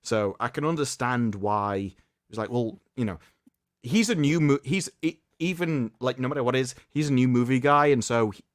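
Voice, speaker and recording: A man hosting a live stream in casual chat, talking haltingly and often repeating words. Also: mid-range voice, dry recording, clean studio sound. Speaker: streamer host.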